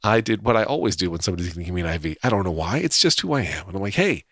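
A man's voice: low voice, lively intonation, racing, vocal fry, fairly bright tone, no room sound, clean studio sound. A man casually telling a personal story in a wry, self-deprecating way, chuckling often.

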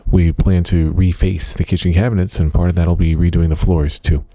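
Very deep, gravelly man chatting wryly. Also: little pitch movement, normal speed, dark tone, no echo, clean studio sound. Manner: rambling, wry, self-mocking, many uh fillers. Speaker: podcast host. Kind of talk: casual solo diary podcast. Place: home office, indoors.

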